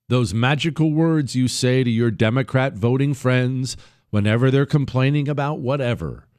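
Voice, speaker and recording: A man's voice: medium pitch, normal speed, darkish tone, clear, resonant tone, dry recording, studio quality. A man hosting a political talk radio show, delivering a sarcastic monologue and mocking people in put-on voices.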